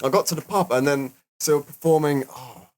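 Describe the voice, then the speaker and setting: A young man in his twenties, a guest musician, chatting casually and telling rambling, animated stories. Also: fairly high pitch, moderate pace. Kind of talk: casual chat.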